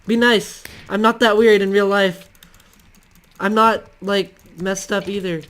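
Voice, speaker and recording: A man's voice: high-pitched, fairly even intonation, measured pace, a bit bright, clean tone. Rambling, hesitant male storyteller. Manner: rambling, hesitant, many ums and restarts. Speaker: channel host. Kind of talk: casual storytelling to camera.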